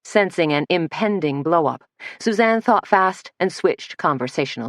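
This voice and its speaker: A woman with a fairly low voice reads a mystery audiobook in a steady, measured voice. The recording is close and dry, with no room sound around her. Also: no room sound. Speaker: audiobook narrator. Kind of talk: scripted narration.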